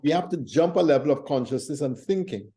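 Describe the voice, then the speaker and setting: A man hosting a faith talk show, teaching and telling stories in a thoughtful, measured way. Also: a little high, animated, mellow. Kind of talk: reflective conversational teaching.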